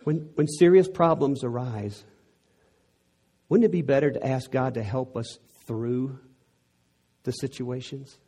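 A man's voice: mid-range voice, unhurried, long pauses, warm tone. A middle-aged man from Texas with a Texan accent, preaching a sermon in an earnest way that builds to emphatic peaks.

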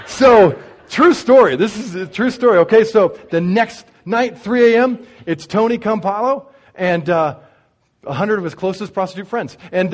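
A man preaching, telling a story and speaking straight to the congregation in an animated way. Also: high voice. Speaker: pastor. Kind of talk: sermon storytelling.

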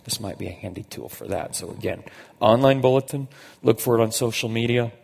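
A man preaching a conversational sermon as a pastor, emphatic and slowing down on key phrases. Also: mid-range voice, creaky, a little mellow, husky, in a large hall.

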